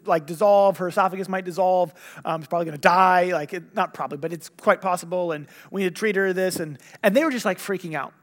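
A young man preaching a sermon, telling a story with lots of acted-out dialogue. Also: sits high. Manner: animated storytelling, acting out dialogue.

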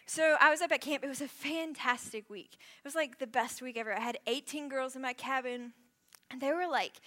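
Young woman youth pastor, high bright voice, energetic preaching that drops to hushed earnest prayer. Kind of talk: youth sermon.

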